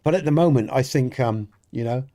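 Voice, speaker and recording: A man's voice: medium pitch, brisk, warm tone. A man with a Dorset accent from southwest England, chatting with live viewers during a game stream in a rambling, earnest way that often repeats and restarts words. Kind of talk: casual chat with live viewers.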